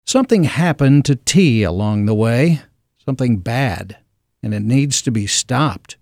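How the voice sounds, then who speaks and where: A middle-aged man hosts his podcast and reads a scripted monologue with dry wit. His delivery is wry and unhurried. The recording is close and dry, with no room sound around his mid-pitched voice. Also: animated, a little mellow, no echo. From Arkansas, US South. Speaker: podcast host and writer.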